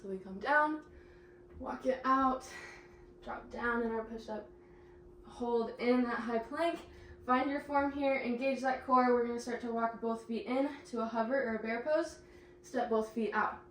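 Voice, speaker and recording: A young woman guides a pilates class, cueing each move and counting down while she works out herself and runs short of breath. Her voice sits a bit high, and it comes from some distance in an echoey room with faint background noise. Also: measured pace. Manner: encouraging cues, breathless laughs while exercising. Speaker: pilates instructor. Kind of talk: instructing a workout class.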